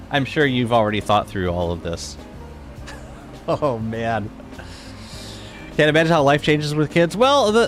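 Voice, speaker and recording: A man in his thirties streaming a game, chatting casually and excitably with many restarts. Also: medium pitch. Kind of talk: casual live-stream chat.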